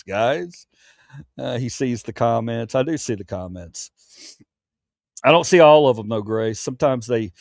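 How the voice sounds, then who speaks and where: A grown man past his youth hosts his own late-night livestream, speaking candidly to viewers in a mid-range, slightly mellow voice. He rambles, stammers, restarts, and swears casually. The studio audio is clean with no room sound.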